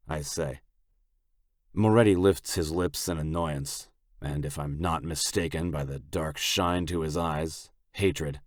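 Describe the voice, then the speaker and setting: A man narrating an audiobook in the first person, in a very low, unhurried voice. His tone stays level and gruff throughout. The recording is dry and close-miked. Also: no echo.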